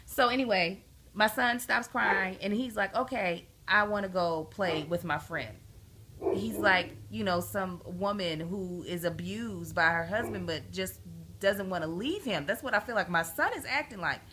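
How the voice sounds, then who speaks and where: A woman telling a long, exasperated story to camera as a parenting vlogger. She is emphatic and animated and acts out the people she quotes. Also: medium pitch, moderate pace, noisy background. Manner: indignant, exasperated. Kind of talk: casual storytelling rant to camera.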